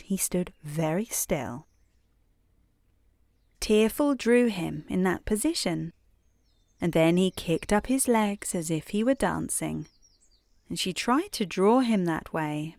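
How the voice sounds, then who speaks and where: British lady reading a bedtime story, calm, lots of melody in her voice. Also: on the low side, gravelly, no echo. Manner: calm, soothing and unhurried.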